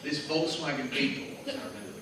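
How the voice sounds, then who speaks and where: A man's voice: on the high side, fairly even intonation, fairly quick, distant mic, heavy background noise. An English man on a convention panel, telling a comic anecdote on stage with restarts, fillers and quoted voices. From England. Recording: echoey hall, mic from afar, loud audience.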